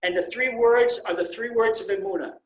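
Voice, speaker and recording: A rabbi teaching an informal Torah class on a video call, telling stories with animated, repeated emphasis and Hebrew terms mixed into his English. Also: high voice, a little fast. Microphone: computer mic on a video call. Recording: roomy echo on a video call.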